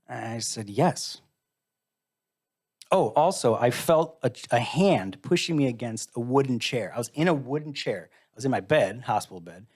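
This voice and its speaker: A man's voice: mid-range voice, husky. A middle-aged man from the United States, a musician guest telling a personal story in a live interview, candid and wry, acting out the voices he quotes.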